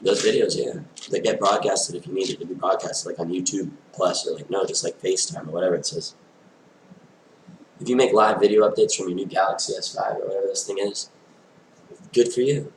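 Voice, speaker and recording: Guy with a real low voice just rambling, tons of likes, echoey room w/ faint hum. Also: fairly even intonation, fast talker. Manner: rambling, filler-heavy, stream-of-consciousness. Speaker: vlogger. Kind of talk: rambling monologue to camera.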